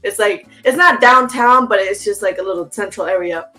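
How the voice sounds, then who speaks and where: A woman's voice: medium pitch, faint music behind, low-quality recording. A young woman, an interview guest, telling a story in casual chat with slang and acted-out quotes. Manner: animated, fast slangy storytelling with reenacted quotes.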